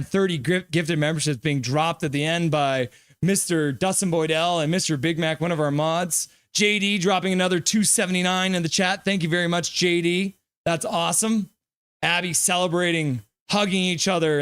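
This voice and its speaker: A man hosting a live hockey stream, calling the play eagerly and quickly and reading viewer comments aloud. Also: a little high, a bit bright, clear, resonant tone, no echo, clean studio sound.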